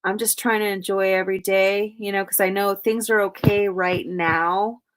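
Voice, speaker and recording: A woman's voice: medium pitch, steady tone, normal speed. Chatty, cussing woman hosting a livestream. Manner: chatty, profane, reads out viewer comments. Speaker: livestream host. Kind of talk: casual livestream chat.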